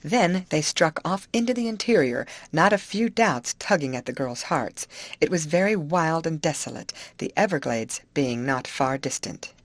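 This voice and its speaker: A woman narrating an audiobook in a clear, expressive storytelling manner. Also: low-pitched, normal speed, dry recording. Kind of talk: audiobook reading.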